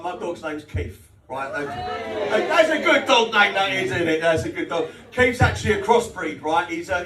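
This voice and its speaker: A middle-aged British man doing stand-up, with a fairly high voice and a crude, cheeky delivery, chuckling at his own punchlines. The mic catches him from a distance in a roomy social club. A crowd laughs loudly in the background. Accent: British English. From Britain. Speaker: stand-up comedian. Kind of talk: live stand-up set with crowd banter. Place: small social club comedy night. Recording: roomy venue audio taken from a distance, with crowd noise. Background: audience laughter.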